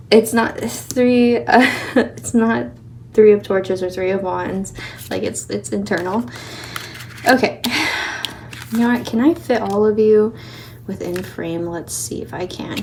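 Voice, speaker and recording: A woman's voice: medium pitch, measured pace, a little mellow, slight background noise. A young woman giving a casual tarot reading, chatty and encouraging, a little out of breath and laughing often. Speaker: tarot reader.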